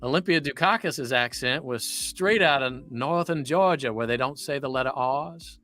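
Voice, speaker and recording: A bright, forward-voiced man with a Southern US accent chats casually on a livestream. He rambles easily from one story to the next as a voice actor talking shop. Faint music plays underneath. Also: mid-range voice, normal speed. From Louisiana, US.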